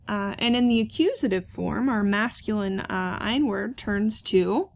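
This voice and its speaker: A woman who teaches German lectures patiently in class, working through explanations methodically step by step. She poses questions aloud and answers them herself, dropping in plenty of "uh" fillers. Her mid-range voice is animated, creaky and a little slow.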